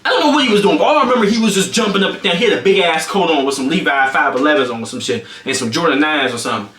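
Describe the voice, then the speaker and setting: A man's voice: fairly high pitch, racing, reverberant. A young man streaming, telling a story with lots of energy and acting it out with sound effects. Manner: excitable, acts out the scene with sound effects. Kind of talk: animated storytelling on a livestream.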